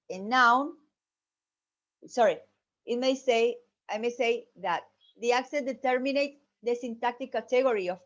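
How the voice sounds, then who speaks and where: A woman with Spanish as her first language giving a recorded class presentation on phonetics, careful and halting, often correcting herself. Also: fairly high pitch. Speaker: student presenter. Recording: dull lo-fi audio.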